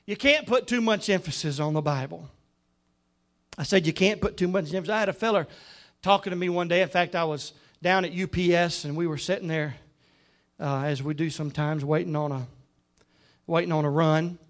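A man preaching a sermon, moving between conversational storytelling and shouted emphasis. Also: on the high side, brisk.

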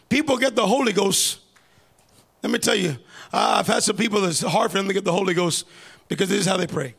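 A man preaching a sermon as pastor, fervent and building into shouted cries. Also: high-pitched, quick pace, gravelly, slightly rough.

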